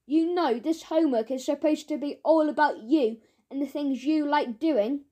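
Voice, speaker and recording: A woman voicing a firm, measured male schoolteacher. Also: high-pitched, mellow, close to an everyday voice. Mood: stern. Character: stern but fair male schoolteacher.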